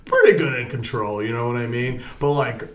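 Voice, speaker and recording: A man in casual chat, laid-back and quick to chime in with agreement. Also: medium pitch, animated. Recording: echoey room.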